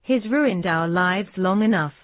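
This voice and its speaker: A woman reading the lines of a cold, hostile male professor in a slow, even way, on a dry, tinny recording. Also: medium pitch, no echo, natural voice. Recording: dry, tinny phone-like sound.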